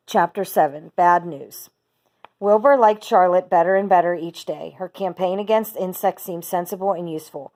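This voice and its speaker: A teacher reading a children's book aloud, steady and expressive. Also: female voice, fairly low pitch, moderate pace.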